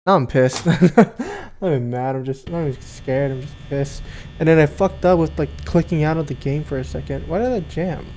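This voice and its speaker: A man's voice: a little high, a little fast, a little mellow, slight background noise, poor audio. A young man giving casual, rambling gameplay commentary, with many fillers and much swearing. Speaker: gaming video creator.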